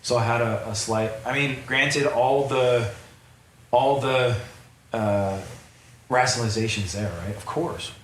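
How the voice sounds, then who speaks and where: A man's voice: medium pitch, steady tone, unhurried, a little hiss or hum. A man, a podcast guest, telling a personal story in a rambling way, repeating words and restarting sentences. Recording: roomy echo, faint ambience.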